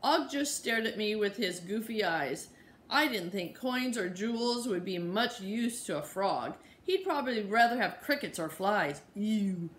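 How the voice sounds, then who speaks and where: A woman reading a children's chapter book aloud, pausing to show and explain the pictures. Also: medium pitch, expressive, slight background noise. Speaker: reader. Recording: roomy echo.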